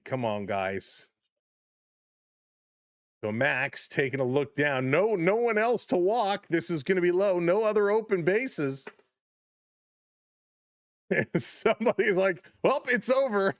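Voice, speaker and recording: A man calls a baseball game for his live stream in a fairly high voice. He keeps it loose and joking, laughing often as he greets viewers in the chat. The recording is dry and close. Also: dry recording. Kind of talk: casual play-by-play with chat shout-outs.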